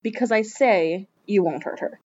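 A woman's voice: medium pitch, moderate pace, darkish tone, dull audio, slight background noise, lightly acted. A woman voicing a sardonic demon man in an audiobook reading, with a dry, curt manner.

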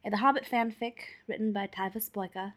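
A woman narrating a fan-written story in a calm, measured reading voice. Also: mid-range voice. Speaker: fanfiction audiobook reader.

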